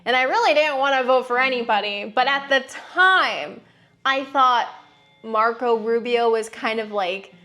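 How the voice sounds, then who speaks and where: A woman's voice: high voice, a bit bright. A woman, candidly telling a personal story on her vlog in a frank, sarcastic way, swearing freely. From United States. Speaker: vlogger.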